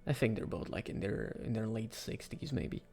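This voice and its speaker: A man giving casual, rambling commentary for a video, with sudden excited outbursts. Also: on the low side, moderate pace, vocal fry, soft background music. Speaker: video creator. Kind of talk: casual commentary ranking game characters.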